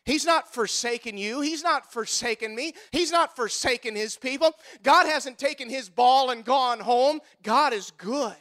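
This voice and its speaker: A man's voice: extremely high pitch, unhurried, few pauses, pushed and bright. A male pastor, preaching a sermon with impassioned repeated refrains.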